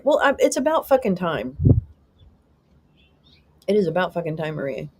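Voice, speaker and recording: A woman's voice: deep voice, very animated, brisk, long pauses, darkish tone, slight background noise. A woman hosting a casual live stream, chatting with viewers, reading the chat aloud, laughing often and swearing casually with a self-mocking humor. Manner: chatty, giggly, reads chat aloud and jokes. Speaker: livestream host.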